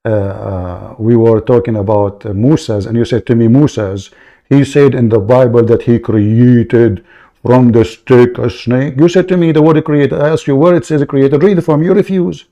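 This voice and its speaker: A man's voice: medium pitch, moderate pace, dark tone, dull audio. A man whose first language is Arabic, hosting a heated live debate in a mocking, insistent way, often repeating words. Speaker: debate host.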